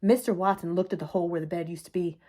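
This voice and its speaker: A woman telling a children's story aloud in a clear, expressive way. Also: fairly low pitch, fast. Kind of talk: children's book read-aloud.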